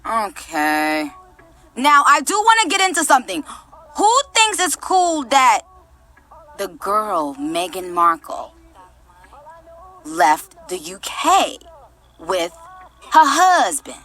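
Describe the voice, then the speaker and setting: A brash woman hosts a radio show in casual, profane chat. Her voice sits high and bright, and it swings widely up and down as she talks. She speaks into a studio microphone. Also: takes it slowly, long pauses. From Queens, New York. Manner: loud, brash and profane, animated.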